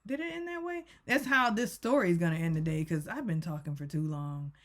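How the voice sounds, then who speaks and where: A woman's voice: lowish voice, animated, a little fast, fairly bright tone. A woman vlogger giving a chatty, rant-style recap of a TV show, talking straight to her viewers with teasing asides.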